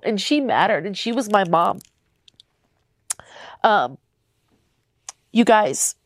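A woman's voice: medium pitch, no room sound. Tearful earnest woman, close dry sound. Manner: emotional, tearful and earnest, speaking straight to the listener. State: crying at times. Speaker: podcast host. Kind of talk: heartfelt faith podcast talk.

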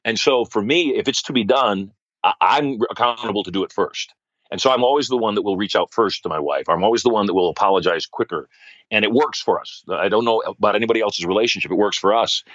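Man, middle-aged, low voice, animated storyteller, dry slightly dull sound. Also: quick pace, no room sound. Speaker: guest, wealth coach. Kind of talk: storytelling interview answers.

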